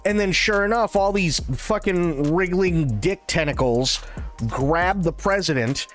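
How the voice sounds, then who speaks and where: A man streaming live, casually retelling a film in an animated, irreverent way with plenty of swearing. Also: sits high, measured pace, soft background music.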